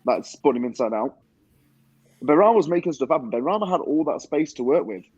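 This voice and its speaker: A frank, opinionated man breaks down a football match on a panel show. His voice is dark and mellow. The audio is dry and dull, like a lo-fi call. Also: a little high, lively intonation, fairly quick, breathy edge, dry recording. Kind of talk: casual football discussion.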